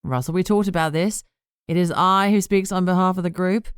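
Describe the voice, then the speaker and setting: Smug boastful warlock guy, read by a woman, low voice, patronizing and casual, dry close audiobook sound. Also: fairly even intonation, a little fast, clear, resonant tone, no echo, lightly acted. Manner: patronizing, casual and self-satisfied. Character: smug boastful Australian male warlock leader. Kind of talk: audiobook character reading.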